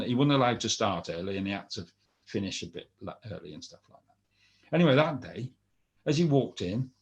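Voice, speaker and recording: A man telling a folktale aloud in a chatty, rambling way, with asides to his listeners. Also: fairly low pitch. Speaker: storyteller.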